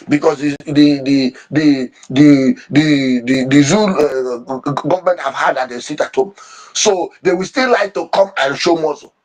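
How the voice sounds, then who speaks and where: A man's voice: a little high, husky. A man giving impassioned, fervent commentary, repeating himself and restarting his sentences. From Nigeria. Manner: fervent, repetitive, stumbling restarts. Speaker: online commentator.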